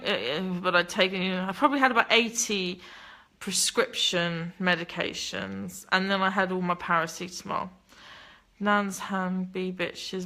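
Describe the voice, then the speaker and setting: A woman's voice: mid-range voice, bright, forceful tone. A young woman telling her own story in a candid, casual way, swearing freely as she reads her chat. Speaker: livestreamer reading chat.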